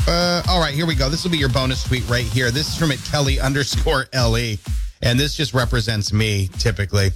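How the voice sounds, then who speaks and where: A man's voice: medium pitch, moderate pace, music in the background. A man hosting a radio morning show alone, reading listener posts aloud with playful jokes. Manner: playful, animated, jokey delivery. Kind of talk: solo radio host reading listener comments. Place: radio studio. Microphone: studio microphone.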